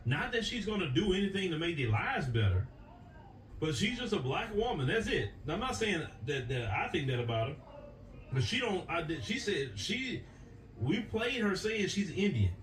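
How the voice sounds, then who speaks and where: A man's voice: high voice, big pitch swings, normal speed, distant mic. An American man hosting a political commentary show, delivering an opinion monologue to viewers in an emphatic, repetitive style that drives his points home. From United States. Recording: echoey room, voice away from the mic, faint noise.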